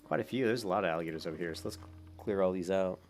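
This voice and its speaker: A man's voice: low-pitched, racing. A man giving casual, rambling commentary while playing an online game, with many fillers. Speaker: gaming YouTuber.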